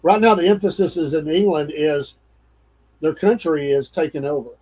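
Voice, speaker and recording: A man's voice: a little high, moderate pace, darkish tone, slightly rough. A man co-hosting a casual morning show, blunt and plain-spoken. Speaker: co-host.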